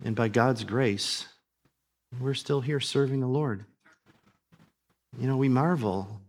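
A man in his fifties preaching a sermon as pastor, swinging between loud, emphatic declarations and quiet, low asides. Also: slow.

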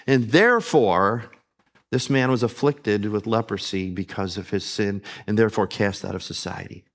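A man preaching a sermon, earnest, rising on emphasis and dropping soft and low on solemn lines.

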